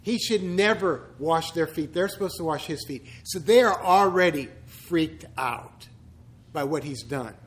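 A pastor with a notably high voice leads a chatty church teaching. He peppers it with joking asides and rhetorical questions. The man talks like he is with friends rather than preaching from on high. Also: lively intonation, a little slow.

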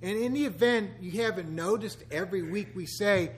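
A man's voice: high voice, normal speed, slight background noise. A man in his sixties, a pastor giving a conversational sermon full of wry, joking asides.

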